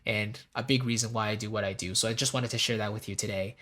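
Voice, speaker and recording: A man teaching a music theory lesson in a relaxed, casual way, pausing to hum melody lines on "da". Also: lowish voice. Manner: explains calmly, hums melodies on "da".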